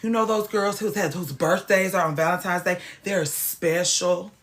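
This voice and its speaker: A woman's voice: lowish voice, moderate pace, fairly bright tone. A woman hosting a casual livestream, ranting with plenty of swearing and greeting viewers by name. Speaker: livestream host.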